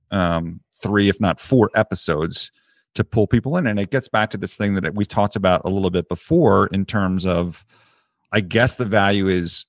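A very deep-voiced man with a Philadelphia accent chats loosely on a podcast, circling back and correcting himself as he goes. The sound is close and dry, with no room around it. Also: dry recording. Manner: rambling, self-correcting, swears casually. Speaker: podcast co-host. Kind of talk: casual chat.

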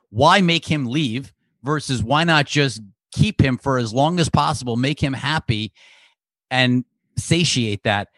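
A man's voice: medium pitch, fairly bright tone, dry recording. Emphatic man arguing on a podcast. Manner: emphatic, opinionated, argues points. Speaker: podcast co-host. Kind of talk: casual chat.

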